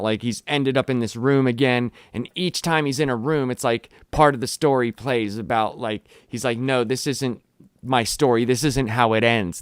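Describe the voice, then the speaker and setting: A man giving a casual, animated comic book review, recapping the plot and acting out the characters' lines, with some swearing. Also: mid-range voice, clean tone, no room sound, clean studio sound. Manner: animated, swears, acts out quotes.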